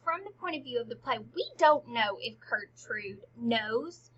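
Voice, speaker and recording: A woman gives a casual lesson in a chatty, informal manner, slipping into quiet half-whispered asides. Her voice is high and husky. The recording is dull and lo-fi. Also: lively intonation, measured pace. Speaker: teacher explaining a play.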